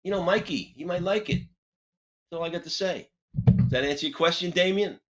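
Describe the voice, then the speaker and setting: Bright-voiced man telling a coaching story. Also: a little fast, poor audio. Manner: animated, punchy delivery with big pitch swings. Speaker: sales trainer and webinar host. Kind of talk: storytelling on a webinar panel.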